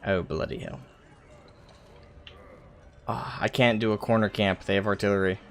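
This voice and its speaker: A man's voice: on the low side, moderate pace, creaky, slight background noise. A man hosting a casual gaming stream, chatting and muttering while he plays. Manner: laid-back, chatty, mutters while playing.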